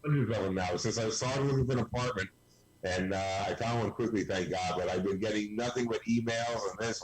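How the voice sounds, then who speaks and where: A man in his sixties chatting as a guest on a video call, cracking deadpan jokes. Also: lowish voice, brisk, a loud crowd, rough recording. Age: 60s. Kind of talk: casual video call chat.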